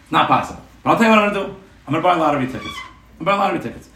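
A man's voice: high-pitched, expressive, rapid-fire, pushed and bright, heavily acted. A man playing a stingy, rich older man who pleads with his best friend, telling the story earnestly in a roomy space, heard from a little distance. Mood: pleading. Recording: roomy room, mic at a distance.

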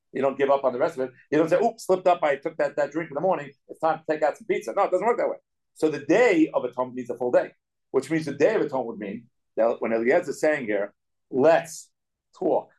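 A man teaching a casual Torah study class as a rabbi, animated and acting out the quotes he explains. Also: fairly high pitch, rough recording. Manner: animated, acts out quotes, talks in quick bursts.

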